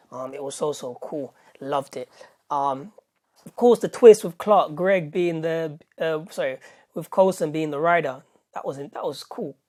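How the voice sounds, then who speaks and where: Excitable British man rambling through a review. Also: fairly high pitch. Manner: enthusiastic, rambling, with many restarts. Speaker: TV show reviewer. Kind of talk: casual video review.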